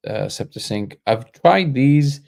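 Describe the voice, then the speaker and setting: A man hosting a casual livestream, answering viewer comments in a relaxed, joking way and thinking aloud as he goes. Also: medium pitch, takes it slowly, gravelly. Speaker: livestream host.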